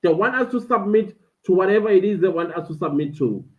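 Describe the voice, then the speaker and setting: A South African woman chats to her live-stream audience, animated and talkative. The sound is thin and tinny, like a phone line. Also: lowish voice, fast talker. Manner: animated, talks to viewers and reads out chat comments. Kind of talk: casual live-stream chat. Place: friend's indoor den at home.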